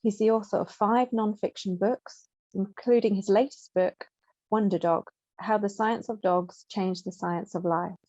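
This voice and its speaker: A British woman chairing an event, giving a measured, scripted introduction of the speaker. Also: mid-range voice, steady tone, mellow, no echo. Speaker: session chair, host. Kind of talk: formal introduction. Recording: dull lo-fi sound.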